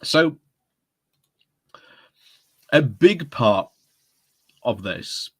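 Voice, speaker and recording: A man's voice: mid-range voice, expressive, drawn-out words, breathy edge. A man hosting a casual live stream, chatty and often breaking into laughter as he talks. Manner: giggly, chatty, often laughing mid-sentence.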